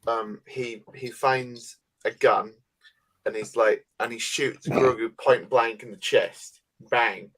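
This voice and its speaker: A man hosting a casual chat, animated and jokey, acting out silly scenes. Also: mid-range voice, slow. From United Kingdom. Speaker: host.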